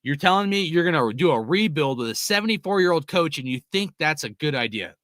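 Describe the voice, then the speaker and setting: A man's voice: on the high side, lively intonation, fairly quick, a bit bright, no room sound, clean studio sound. A young man hosting a live sports podcast, ranting heatedly and swearing constantly while he reads out chat messages. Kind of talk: profane casual sports rant.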